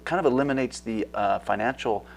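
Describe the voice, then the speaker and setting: A man's voice: mid-range voice, fairly quick, creaky. A man talking as a guest in a casual interview, eager and rambling with many fillers.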